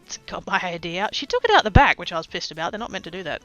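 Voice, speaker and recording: A woman's voice: on the low side, lively intonation, racing, fairly bright tone, faint music behind. An Australian woman livestreaming, telling a story in rambling casual chat, swearing freely and poking fun at herself.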